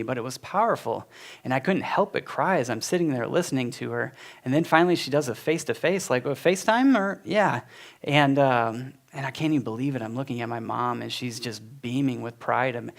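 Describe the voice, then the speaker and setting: At a church gathering, a man in his forties offers his personal testimony in a heartfelt, chatty manner packed with fillers. His voice sits in the mid-range with vocal fry, and he keeps a moderate pace.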